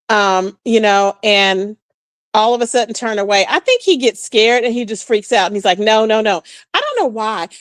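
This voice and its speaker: A woman livestream host dishes gossip casually in a high, jumpy voice full of animated sass, calling out to viewers in her chat. The audio has no echo.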